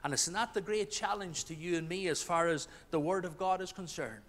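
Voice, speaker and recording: A man's voice: sits high, fairly quick, fairly bright tone. A man preaching a sermon as pastor, earnest, with restarts and swells of emphasis. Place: church. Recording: church hall with long reverb.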